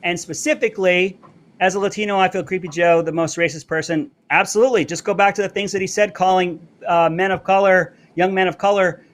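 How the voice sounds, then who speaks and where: A man hosting a live political commentary stream, brash and fast-talking, pushing his merch between topics. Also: high voice, fairly even intonation. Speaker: show host. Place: Florida.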